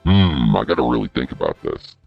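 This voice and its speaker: A man talking in a casual group voice chat through a voice-changer filter, slow and hesitant, mulling things over aloud. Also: rumbling low, very animated, creaky, husky, lo-fi sound, faint music behind.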